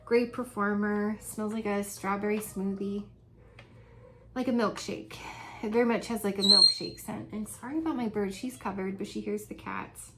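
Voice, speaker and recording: A woman's voice: medium pitch, fairly even intonation, normal speed, background noise. Chatty woman rambling at home. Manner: chatty, rambling, laughs often. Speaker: vlogger. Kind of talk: casual chat.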